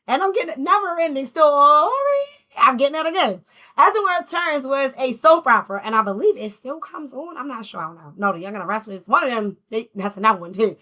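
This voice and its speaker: A woman talks through a tarot spread in a casual, rambling way. Her voice is bright and forward. She laughs often and swears freely. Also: a little high, brisk. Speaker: tarot reader.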